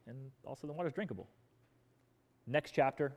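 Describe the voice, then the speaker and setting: Animated high-voiced preacher man. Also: rapid-fire, long pauses, in a large hall. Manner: animated storytelling, acting out grumbling crowds in quoted voices. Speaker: pastor. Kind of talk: sermon. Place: church.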